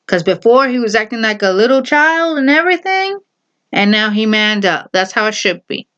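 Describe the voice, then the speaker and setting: A woman talks through her opinions in a casual vlog, with a clear, smooth voice. She speaks straight to her viewers and drives each point home by saying it again and again. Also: on the high side, sing-song, normal speed, fairly bright tone, dull audio. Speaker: vlogger.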